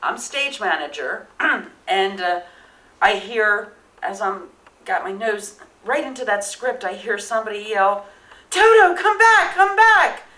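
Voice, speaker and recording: A woman who was a stage manager, recalling a theatre incident in an interview and shouting out the quoted lines. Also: mid-range voice, a little slow, reverberant, distant mic, poor audio. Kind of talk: interview anecdote.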